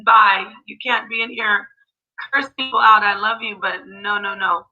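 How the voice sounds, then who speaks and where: Woman hosting a stream, sorry-sounding and soothing, bright, muffled lo-fi audio. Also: medium pitch, fairly even intonation, normal speed. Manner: apologetic, placating. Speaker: livestream host. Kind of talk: livestream panel chat.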